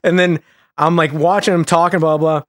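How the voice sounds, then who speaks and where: A man's voice: on the high side, steady tone, brisk, no echo. Male podcast guest, raised voice, rambling swearing storyteller, dry close sound. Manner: rambling, swearing, many filler restarts. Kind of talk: casual storytelling chat.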